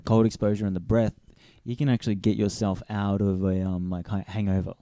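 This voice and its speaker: A laid-back man chatting keenly on a podcast. His voice is on the low side and the recording is dry and close, with no room sound. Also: flat delivery, fairly quick, warm tone, no echo. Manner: laid-back, enthusiastic, says "man" a lot. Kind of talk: casual podcast chat.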